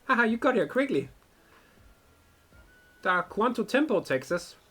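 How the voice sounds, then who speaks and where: A man's voice: high-pitched, sing-song, a little slow, sharp tone, voice pushed up, full character voice. A man reading the lines of a playful, teasing young woman driver in a game, in his own voice with a self-assured tone. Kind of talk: reading game dialogue aloud.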